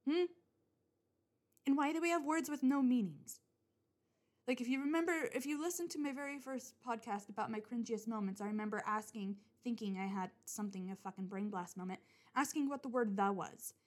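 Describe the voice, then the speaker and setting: A woman's voice: on the high side, a little fast. A young adult woman hosting her own podcast, rambling casually with lots of restarts, fillers and swearing. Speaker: podcast host. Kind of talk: casual solo podcast rant.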